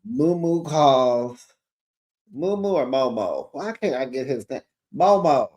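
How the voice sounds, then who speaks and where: A man's voice: medium pitch, very animated, slow, a little mellow, muffled recording. A man hosting a reality TV recap, telling the gossip in a sassy, chatty way and calling his viewers honey, child and besties. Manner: calls listeners honey and child.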